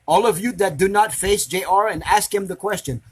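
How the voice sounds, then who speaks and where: A man with a high, husky voice rants at his online audience. He sounds preachy and confrontational and keeps hammering the same rhetorical questions. His delivery comes across as an angry monologue. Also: normal speed. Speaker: commentator reacting to social media drama.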